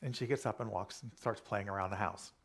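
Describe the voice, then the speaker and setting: A minister giving a sermon in an easygoing, conversational way, often repeating a key phrase. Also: male voice, on the low side, brisk.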